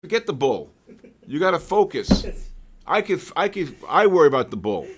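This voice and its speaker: A man hosts a live trading session in a casual, excitable chat. His voice sits a touch high and swings widely in pitch. He laughs easily and calls out market moves to his viewers. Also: normal speed, husky.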